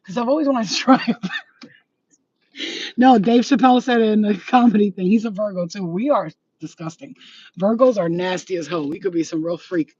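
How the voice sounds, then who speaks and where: A woman hosting her channel, telling stories to viewers in a profane, laughing, animated way. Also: medium pitch, brisk, husky, dry recording, lo-fi sound. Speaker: channel host. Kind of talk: casual storytelling to viewers.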